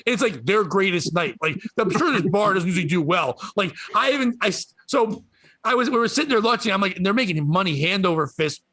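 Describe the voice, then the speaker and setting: A comedian telling a story on a podcast, swearing a lot and ranting with animated energy. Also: male voice, sits high, fast talker, dry recording. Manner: profane, animated rant.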